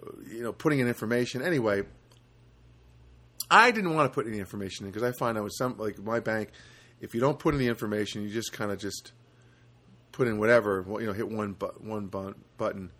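A man's voice: on the low side, brisk, a bit bright. A man hosting a solo podcast, talking casually and rambling, with lots of fillers and restarts. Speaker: podcast host.

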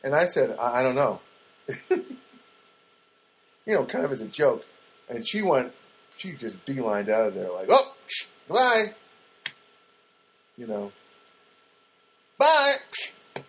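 A man's voice: medium pitch, husky, rough recording. A middle-aged man telling rambling personal anecdotes in a casual monologue, often restarting and correcting himself. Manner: rambling, self-correcting, animated when quoting others. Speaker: storyteller.

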